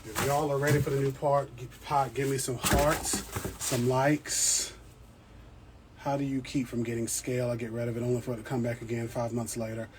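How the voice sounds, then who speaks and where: Indoors at home among his plants, a man hosts a relaxed livestream for his plant channel, fielding viewer questions with jokes and frequent check-ins. His medium-pitched voice is flat and moderately paced, with noise in the background.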